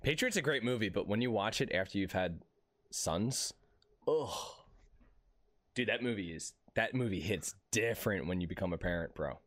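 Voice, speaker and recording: A man in his thirties chatting casually on a podcast, his voice swinging up and down in lively, animated bursts. He talks in a joking, teasing way and peppers everything with dude and bro. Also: on the low side, moderate pace, no echo. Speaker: podcast co-host. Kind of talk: casual chat.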